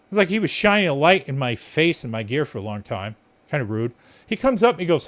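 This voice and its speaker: A man's voice: mid-range voice, very animated, fast talker. A male podcast host telling a story in a casual, rambling monologue, blunt and swearing freely.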